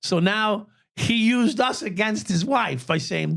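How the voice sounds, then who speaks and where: A man, telling profane, animated stories as an interview guest and at times breaking into shouts. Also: high voice, moderate pace, creaky, few pauses, no echo, clean studio sound. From United States. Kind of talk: storytelling interview.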